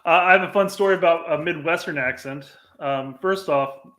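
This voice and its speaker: A man's voice: fairly high pitch, moderate pace, a bit bright. Teasing, laid-back man from Indiana. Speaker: podcast co-host. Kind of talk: casual chat, storytelling.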